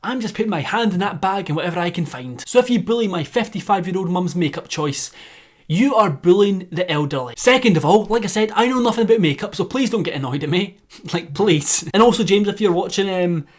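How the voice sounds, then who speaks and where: High-voiced sarcastic Scottish man. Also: lively intonation, brisk. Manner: sarcastic, swears, stumbles over restarts. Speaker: YouTuber. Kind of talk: sarcastic commentary vlog.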